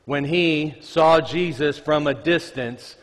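Taking it slowly in a slightly high voice, a male pastor preaches a conversational sermon, reading scripture and trading jokes with the congregation. The sanctuary recording carries a reverberant church-hall sound.

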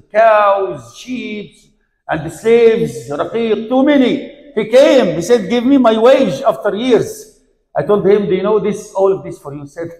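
High-voiced preacher in an echoing hall. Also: male voice. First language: Arabic. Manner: emphatic storytelling, swinging between loud urging and hushed tones; chants Quranic verses in Arabic. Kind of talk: sermon. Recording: echoey hall with long reverb.

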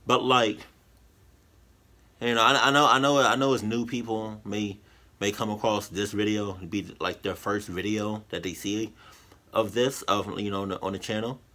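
A man hosting a reaction video, reacting in casual commentary with loud, animated exclamations and slang. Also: lowish voice, moderate pace.

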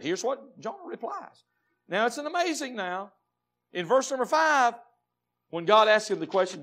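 Delivering a dramatic Baptist sermon, this Southern American pastor moves between quiet murmurs and loud shouting.

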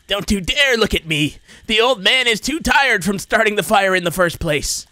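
A man voicing a gruff, bossy male camp leader in a horror game, giving stern orders. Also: high-pitched, lively intonation, normal speed, bright, forceful tone, no echo, exaggerated voice.

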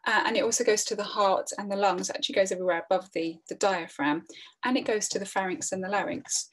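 A middle-aged woman presenting a training webinar in a calm, earnest way, often restarting her phrases. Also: mid-range voice. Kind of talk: online training talk.

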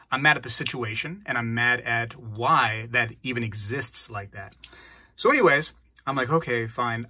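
A man hosting his own coin-collecting vlog, telling a long story in a casual, animated way, acting out the other people's lines as he goes. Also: medium pitch, breathy edge, dry recording, clean studio sound. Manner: animated, rambling, acts out dialogue. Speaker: channel host.

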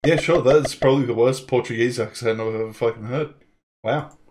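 A man's voice: medium pitch, a little fast, a little mellow. A man doing casual let's play commentary, sarcastic and crude, swearing freely and a bit tipsy.

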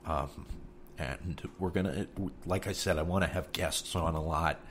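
A man's voice: deep voice, a little slow, a little hiss or hum. A man from New York with a New York accent, hosting a podcast in a candid, rambling monologue and cursing freely. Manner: frank and rambling, with frequent cursing. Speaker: podcast host.

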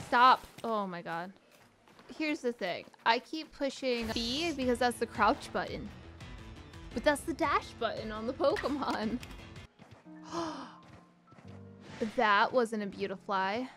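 Young female streamer, high pitched and slow-paced, yelps and curses at the game, soft music bed. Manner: excitable, yelps and swears at the game. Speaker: streamer playing a video game. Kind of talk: live gameplay commentary.

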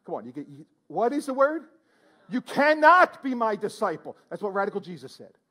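A male preacher with a strikingly high voice delivers a sermon to his congregation in church. His pitch swoops up and down as he exclaims and throws questions out to the room. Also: very animated, fairly quick, pushed and bright. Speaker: pastor.

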